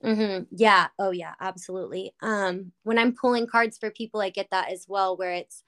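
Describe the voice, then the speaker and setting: A woman's voice: medium pitch, moderate pace. A woman podcast host in casual chat, telling stories animatedly with lots of fillers. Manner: animated storytelling with many fillers.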